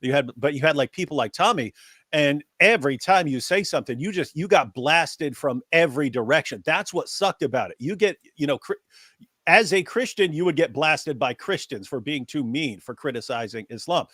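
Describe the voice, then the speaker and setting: A man with a fairly high voice holds forth in a casual online chat, circling back on his words and building up steam as he goes. The sound is close and dry, with no room in it. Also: normal speed, breathy edge, no echo. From United States. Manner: animated, rambling with restarts, rising excitement when quoting others. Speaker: co-host. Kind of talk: casual live-stream discussion.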